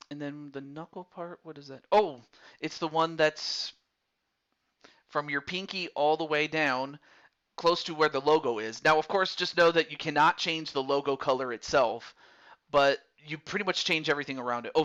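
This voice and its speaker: With a fairly high, slightly bright voice at a moderate pace, a man talks through character creation in a baseball game, and the recording's highs are cut off. As a streamer giving casual commentary, he chats and reads each menu choice out to a viewer while picking it.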